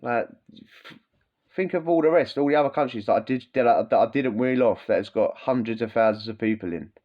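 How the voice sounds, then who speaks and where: A man, a former prisoner, hosting a podcast in a blunt, animated, swearing rant. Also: mid-range voice, fairly quick. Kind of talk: casual ranting monologue. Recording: dull lo-fi sound.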